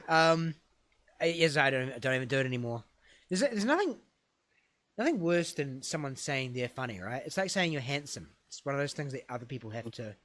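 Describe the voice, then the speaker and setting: A man co-hosting a casual comedy podcast, rambling and self-deprecating, often trailing off into quiet mumbles. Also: medium pitch, no room sound. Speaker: podcast co-host.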